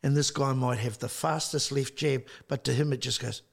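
A man's voice: medium pitch, steady tone, moderate pace, vocal fry. A middle-aged man from New Zealand with a Māori English accent, telling stories in a casual podcast chat and acting out voices. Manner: storytelling, acts out voices. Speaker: guest.

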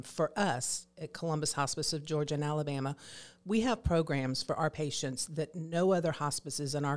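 A woman guest in an interview, an educational coordinator explaining care programs in a clear, informative way. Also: low-pitched.

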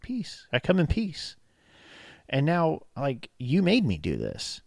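A man's voice: fairly high pitch, slow, gravelly, dry recording, studio quality. A man in his thirties, a police officer co-hosting a podcast, chatting casually and acting out quotes. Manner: animated storyteller, acts out quotes.

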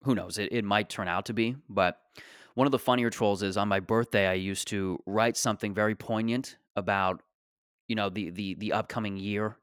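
A man's voice: fairly low pitch, steady tone, moderate pace, a bit bright, clean tone, dry recording, studio quality. A man in his late twenties hosting a solo podcast, talking casually in a rambling, joking, self-deprecating way. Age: 20s. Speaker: podcast host.

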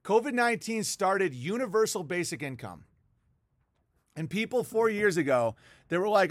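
High-voiced man ranting heatedly. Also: expressive, moderate pace, dry recording. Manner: heated, profane, mocking. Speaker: political commentator. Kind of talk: ranting political monologue.

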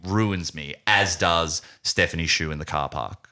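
A man's voice: low-pitched, unhurried, bright, forceful tone. An Australian man co-hosting a casual film podcast, talking animatedly with laughs and swearing. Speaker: podcast co-host.

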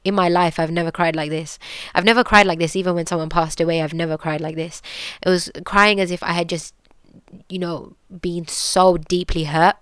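A woman's voice: fairly low pitch, steady tone, moderate pace, a bit bright, clean tone, dry recording. A young woman with a British accent tells a personal story earnestly, with many fillers and restarts. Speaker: podcast guest sharing her story.

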